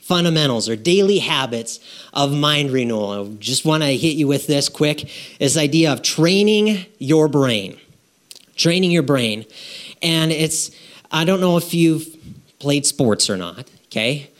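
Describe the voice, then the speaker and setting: A man preaching a sermon in a conversational style, often checking in with his listeners with quick "right?" and "okay?" asides. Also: on the high side, lively intonation. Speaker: pastor.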